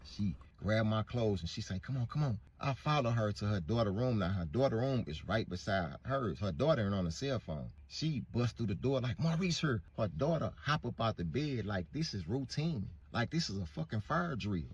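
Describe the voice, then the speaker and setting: Husky man telling a wild story. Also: fairly low pitch, expressive, moderate pace, hardly any pauses, lo-fi sound. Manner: vivid, profane storytelling with acted-out quotes. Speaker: storyteller in a clip. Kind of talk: storytelling monologue.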